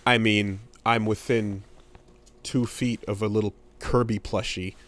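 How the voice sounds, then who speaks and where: A man's voice: lowish voice, steady tone, measured pace, fairly bright tone. A young adult man co-hosting a podcast in casual chat, dry and blunt, swearing freely. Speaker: podcast co-host. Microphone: studio podcast mic.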